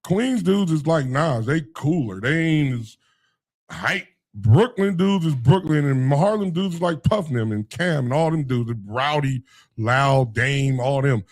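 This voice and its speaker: Man co-host with a high-pitched voice, lively and slang-heavy, tells stories. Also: a little slow. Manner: animated storyteller, slangy, mimics other voices. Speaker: radio show co-host. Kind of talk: casual chat.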